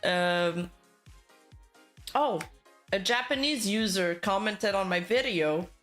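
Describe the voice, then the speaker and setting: Woman, casual commentary, rambling with fillers, mid pitch, faint music underneath. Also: slow pace, a bit bright. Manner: rambling, filler-heavy, self-correcting. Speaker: VTuber news commentator.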